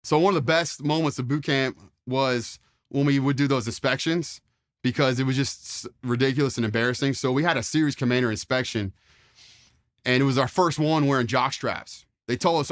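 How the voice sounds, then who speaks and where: A man's voice: medium pitch, fairly quick. A man in his forties from Virginia telling stories in a casual, rambling way, full of fillers and mild swearing. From Charlottesville, Virginia, US. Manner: rambling with many fillers, mild profanity, acts out quotes. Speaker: interview guest, former Marine. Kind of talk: casual storytelling.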